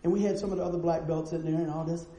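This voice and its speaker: A man preaches a storytelling sermon, acting out each character in his stories. His voice sits high but sounds warm and soft-edged. The church sanctuary gives it a roomy echo with faint noise underneath. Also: racing. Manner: animated, acts out the people in his stories.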